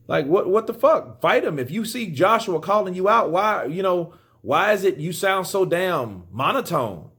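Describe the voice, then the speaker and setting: A male boxing commentator talks in a casual vlog, emphatic and full of profanity. His voice sits fairly high and swings up and down with lively energy. He keeps a blunt, animated delivery throughout. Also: moderate pace, few pauses.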